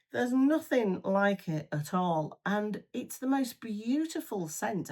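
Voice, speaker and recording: A woman's voice: mid-range voice, vocal fry. A woman, a first-time grandmother, chatting casually and gushing while doing her makeup, with plenty of ums. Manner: chatty and gushing, with many fillers. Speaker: beauty vlogger.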